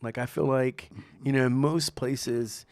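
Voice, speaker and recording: A man's voice: medium pitch, steady tone, measured pace, creaky, darkish tone, no room sound. A middle-aged man, a guest on a podcast, telling a story in casual talk, acting out the people he quotes and laughing often.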